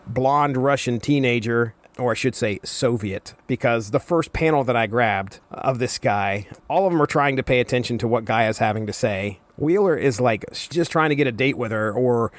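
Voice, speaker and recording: A man's voice: mid-range voice, normal speed, hardly any pauses, dry recording. Wry, rambling male podcast host. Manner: wry, rambling, amused asides. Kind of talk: casual comics commentary.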